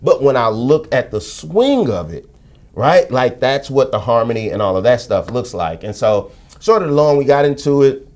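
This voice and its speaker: A middle-aged man talking candidly as an interview guest. His storytelling is lively and blunt, peppered with slang and swearing, and he speaks at a middle pitch. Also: moderate pace. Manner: frank, animated storytelling with profanity and slang. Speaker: podcast guest.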